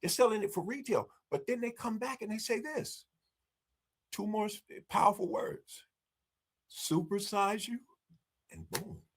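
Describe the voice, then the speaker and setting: A man with a fairly high, husky voice talks as a marketing guest on an interview show. His delivery swings widely in pitch, punching key words and slipping into little acted-out exchanges. He keeps turning to address the audience directly. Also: very animated, normal speed. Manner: emphatic, acts out dialogue, addresses the audience directly. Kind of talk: energetic podcast interview storytelling.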